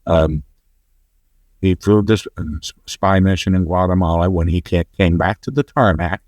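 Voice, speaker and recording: A man guest on a podcast, telling a rambling story and getting animated when he quotes others. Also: low-pitched, moderate pace, dry recording. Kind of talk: conversational storytelling.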